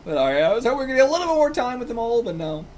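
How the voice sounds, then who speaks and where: A man's voice: very high voice, big pitch swings, very fast, darkish tone, a little hiss or hum. Rambling man reacting to manga. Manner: rambling, swears and laughs often. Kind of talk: casual reaction while reading aloud.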